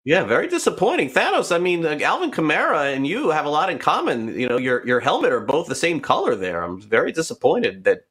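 A male sports show host talking in a casual, brisk way as he runs through players and their prices. His voice sounds bright and crisp, sitting a little higher than most men's. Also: huge pitch swings.

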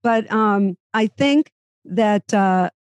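A woman's voice: medium pitch, drawn-out words, no room sound. A woman with a Boston accent interviewing a guest, asking direct and probing questions in casual chat.

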